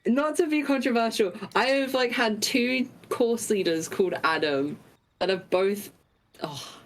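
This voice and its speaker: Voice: mid-range voice, unhurried, fairly bright tone, rough recording. A young adult student who chats animatedly, laughing often and swearing freely. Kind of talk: casual chat.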